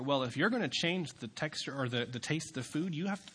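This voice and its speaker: A young man preaching as a youth pastor, dropping into quiet asides and then building to loud, fervent exhortation. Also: fairly high pitch, expressive, brisk, hardly any pauses, slightly rough. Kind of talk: sermon.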